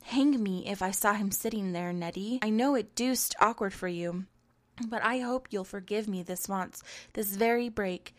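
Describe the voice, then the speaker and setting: A woman's voice: medium pitch, moderate pace, lightly acted. Woman reading as a blustering young man. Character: frank, blustering young male suitor.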